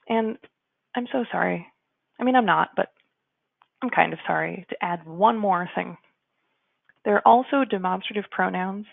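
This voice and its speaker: A woman teaching a Spanish grammar lesson in a chatty way, slowing down to model example sentences. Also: on the low side, gravelly, no room sound. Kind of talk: explanatory lesson. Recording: dry, phone-like narrow sound.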